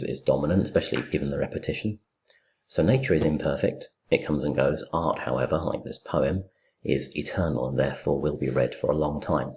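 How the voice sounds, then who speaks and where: A man's voice: very deep voice, vocal fry, a little mellow. A middle-aged man teaching a poetry commentary, thinking aloud with many fillers and restarts. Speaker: English literature teacher. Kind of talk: recorded lecture, poetry commentary.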